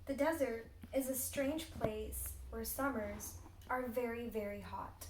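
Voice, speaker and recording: A teenage girl narrating a children's picture book in an expressive, deliberate read-aloud style. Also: a little high, echoey room, a little hiss or hum, low-quality recording. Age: teens. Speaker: storybook reader.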